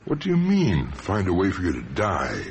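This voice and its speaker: A man's voice: sits low, wildly swooping pitch, normal speed, slightly rough, heavily acted. An actor playing a joking, skeptical young man in his twenties in a vintage radio drama, breezy and teasing. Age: 20s.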